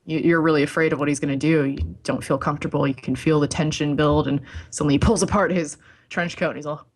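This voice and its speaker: A woman's voice: low-pitched, fairly even intonation, fast. A young woman co-hosting a casual podcast, giggly and rambling as she spins a silly story. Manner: giggly, rambling, acts out silly voices in stories. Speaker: podcast co-host. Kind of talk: casual chat.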